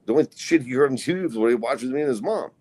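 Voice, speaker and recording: Co-hosting a laid-back podcast, this middle-aged man swears his way through stories and performs the voices of their characters. He speaks rapid-fire at medium pitch, expressive and a little mellow.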